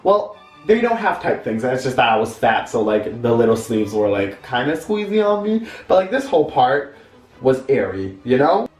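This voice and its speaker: A man's voice: big pitch swings, normal speed, darkish tone. A young man telling a dramatic, campy story from his childhood in a storytime vlog. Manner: campy, dramatic, swings into high-pitched voices. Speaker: vlogger. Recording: echoey room, far from the mic, music underneath.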